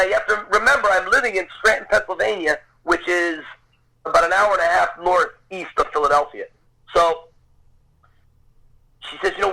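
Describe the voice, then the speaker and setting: A man in his fifties spins a lively anecdote as a podcast guest, dropping the odd curse word along the way. His voice sits a little high and sounds bright and forceful. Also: rough recording. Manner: vivid storyteller, swears casually. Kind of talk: animated anecdote telling.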